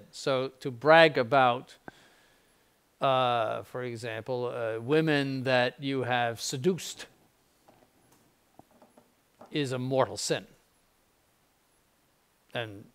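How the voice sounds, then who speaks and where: An older man, a bishop, giving an informal spiritual conference in a blunt, conversational way with frequent asides. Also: medium pitch.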